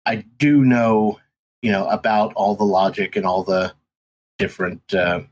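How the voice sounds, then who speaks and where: A man's voice: on the low side, steady tone, measured pace, slight background noise, poor audio. A man guesting on a podcast, telling stories in casual chat with lots of ums and restarts. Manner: rambling, many ums and restarts. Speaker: podcast guest, race commentator.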